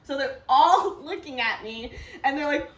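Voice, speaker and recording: A woman's voice: high voice, measured pace. A young woman co-hosting a podcast, telling a story in casual chat and acting out the quotes with lots of laughter. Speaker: podcast co-host. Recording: echoey room, a bit distant from mic.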